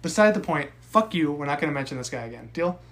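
Profane, animated young man recapping wrestling. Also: fairly high pitch, fast talker. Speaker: podcast co-host recapping wrestling. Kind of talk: casual chat.

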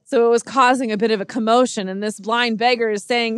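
A woman's voice: fairly high pitch, fairly even intonation, brisk, smooth, dry recording, clean studio sound. A woman preaching a sermon in earnest storytelling style, with frequent restarts.

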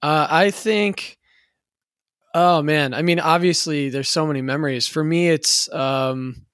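A man's voice: fairly high pitch, steady tone, unhurried, fairly bright tone, smooth, no echo, studio quality. A man co-hosting a podcast in casual chat, teasing his co-host and laughing a lot.

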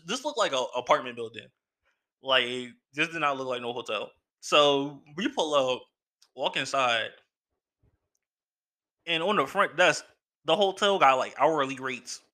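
Bright-voiced young man telling stories. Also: mid-range voice. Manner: animated, slangy, laughs between lines. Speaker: podcast host. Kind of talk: casual storytelling.

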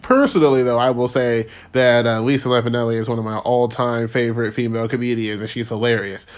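A man's voice: mid-range voice, fairly even intonation, fast talker. A young man hosting a solo podcast, ranting casually, rambling off on tangents, losing his train of thought and chuckling between points. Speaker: podcast host.

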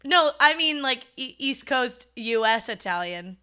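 Chatty giggly woman, bright voice. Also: fairly high pitch, animated, a little slow, smooth. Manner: chatty, giggly, lots of "like" fillers. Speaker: podcast co-host. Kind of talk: casual chat.

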